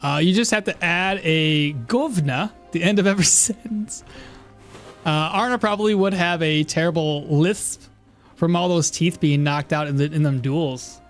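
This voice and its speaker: A man giving casual, rambling gameplay commentary, chatty and quick to laugh, at a home setup. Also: on the high side, faint music behind. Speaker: gaming streamer.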